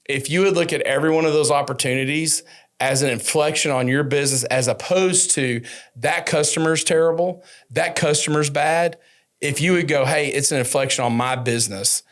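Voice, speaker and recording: A man hosting a business podcast, telling stories in a casual, animated way and acting out what people said. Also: moderate pace. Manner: animated storyteller, acts out quotes with rising pitch. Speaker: podcast host.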